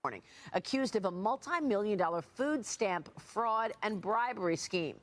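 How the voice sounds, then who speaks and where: A woman news anchor reading a report in a crisp, formal broadcast style. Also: mid-range voice, animated, moderate pace.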